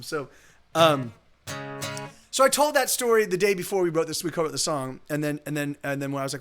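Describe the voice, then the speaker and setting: A man's voice: on the high side, lively intonation, fast, vocal fry, fairly bright tone. A man streaming live as a musician, chatting casually between songs in a rambling way with many restarts. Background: guitar playing.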